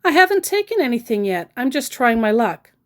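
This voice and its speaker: A woman's voice: fairly high pitch, very animated, fairly quick, pitched above the performer's own voice. A woman reading out the chat messages of a pushy male online scammer, wheedling and demanding.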